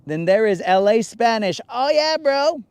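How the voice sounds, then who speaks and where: A man hosting a casual fishing podcast, talking in a lively, slangy way and acting out the voices he quotes. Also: very high-pitched, measured pace, clear, resonant tone, no echo. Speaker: podcast host. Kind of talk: casual chat. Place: boat on a lake.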